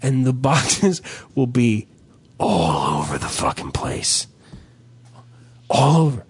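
A man with a medium-pitched, slightly breathy voice talks slowly through a comic rant about everyday nuisances. The casual chat is profane and theatrical, delivered with animation and quotes he mock-shouts.

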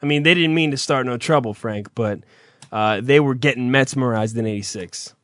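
A man's voice: mid-range voice, moderate pace, fairly bright tone, no room sound, studio quality. A man hosting a comedic radio show, teasing and heckling his guest and swearing freely.

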